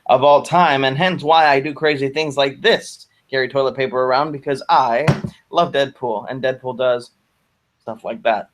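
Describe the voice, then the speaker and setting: A man with a mid-range voice talking films casually as a co-host. He drops in quick interjections and jokey asides. His tone stays easygoing and conversational. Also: mid-range voice, steady tone, a little hiss or hum. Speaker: co-host of a movie discussion channel. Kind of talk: casual movie chat.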